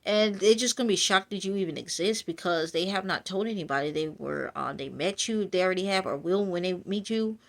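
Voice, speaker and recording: A woman with a low-pitched voice gives a casual prophetic reading to her viewers. She rambles in a chatty way, with frequent fillers and asides. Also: brisk, creaky, hardly any pauses. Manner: chatty, many fillers, addresses listeners as y'all. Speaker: spiritual message reader. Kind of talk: casual prophetic encouragement vlog.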